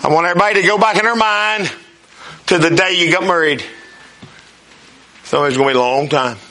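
A man's voice: high voice, a little fast, sharp tone, slight background noise. A man, preaching a sermon in a folksy call-and-response manner. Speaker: pastor.

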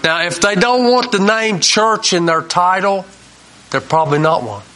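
A man's voice: high-pitched, normal speed, bright, forceful tone, a little hiss or hum. A man hosting a Christian talk show, telling homespun stories in a folksy preaching manner and repeating his key lines for emphasis.

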